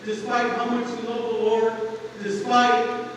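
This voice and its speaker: A man's voice: very high-pitched, completely flat delivery, unhurried. A middle-aged man preaching an informal sermon in a church, earnest and conversational with homey humor. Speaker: pastor. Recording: echoey hall, voice from far off, faint noise.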